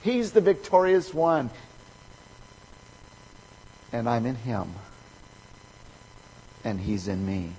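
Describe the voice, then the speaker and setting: A man's voice: mid-range voice, very animated, slow pace, pauses often, warm tone, breathy edge, big-room sound, low-quality recording. A man preaching a sermon, emphatic and fond of repeating key phrases for effect.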